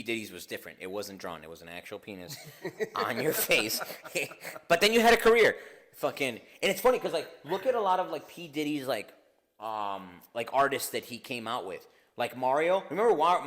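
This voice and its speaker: A man of middle pitch co-hosts a casual podcast chat. He rambles and swears freely, and he tells his stories with loud, animated bursts and frequent laughter. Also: moderate pace. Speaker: podcast co-host.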